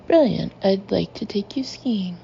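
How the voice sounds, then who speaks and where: A flirtatious British man who teases dryly, as a woman narrator reads him, in an unhurried, gravelly, mellow voice. The recording is a little dull, with a faint hiss behind it. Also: sits high, expressive, heavily acted. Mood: teasing. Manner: dry, teasing banter.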